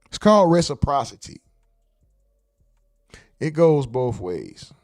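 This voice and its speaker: A man's voice: medium pitch, sing-song, slow pace, a little mellow, no room sound, studio quality, soft background music. Laid-back man hosting a livestream. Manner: laid-back, profane, reads chat comments aloud. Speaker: livestream host. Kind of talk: casual livestream sign-off chat.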